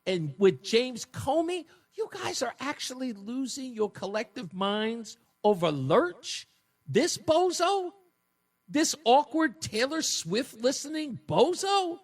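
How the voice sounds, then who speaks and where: A man hosting a talk radio show, delivering a mocking, combative political monologue that swings between shouting and low taunts. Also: very animated, slow pace.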